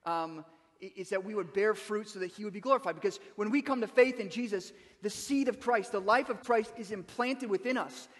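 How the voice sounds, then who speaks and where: A man with a high voice preaches to his congregation in a conversational way, often restarting and asking "right?". His voice rings with long reverb in a church sanctuary. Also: a little fast. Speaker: pastor. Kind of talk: sermon.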